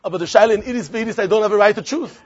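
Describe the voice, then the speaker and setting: A man's voice: high voice, very fast, breathy edge. A man teaching a Talmud lesson, repeating phrases and posing and answering his own questions. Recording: dull lo-fi recording with faint crowd.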